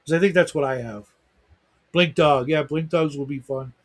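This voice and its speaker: A man's voice: on the high side, moderate pace. A middle-aged man hosting a livestream talk show in casual chat, rambling with lots of fillers. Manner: rambling, heavy use of fillers.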